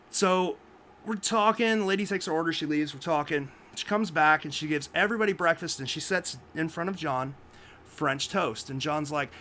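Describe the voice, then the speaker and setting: A man's voice: fairly high pitch, moderate pace, a little hiss or hum. A man, co-host of a memorial podcast, telling a funny anecdote on a group video call and acting out what others said. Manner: animated anecdote telling, acts out quoted voices.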